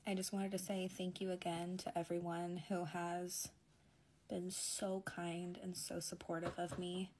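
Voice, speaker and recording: A young woman telling a personal story in a soft, often near-whispered and emotional voice. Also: lowish voice, completely flat delivery, measured pace, noisy background.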